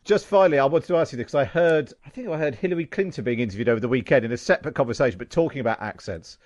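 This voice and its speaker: A man hosting a radio interview and podcast, asking questions and reading brisk sign-offs. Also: medium pitch, darkish tone, dry recording, highs cut off. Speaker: radio host.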